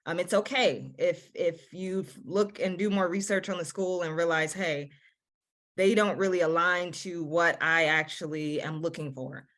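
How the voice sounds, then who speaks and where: A woman admissions counselor speaks in a lowish voice, giving earnest, encouraging guidance to students. She often restarts and repeats words as she goes. She is heard over a video-call webinar. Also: steady tone, measured pace, fairly bright tone. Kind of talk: webinar advice talk.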